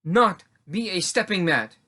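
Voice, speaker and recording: Guy doing a nervous teen boy giving a big brave speech, bright voice. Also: high-pitched, lively intonation, measured pace, full character voice. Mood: declamatory. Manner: earnest, declamatory. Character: timid teenage boy finding courage. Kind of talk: home play reading in mock-Shakespearean verse.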